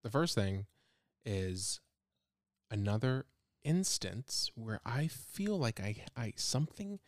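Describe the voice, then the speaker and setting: A man's voice: mid-range voice, sing-song, slow pace, no echo, clean studio sound. A man co-hosting a podcast in casual chat, rambling and restarting as he tells stories. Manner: rambling, restarts often when telling stories. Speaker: podcast co-host.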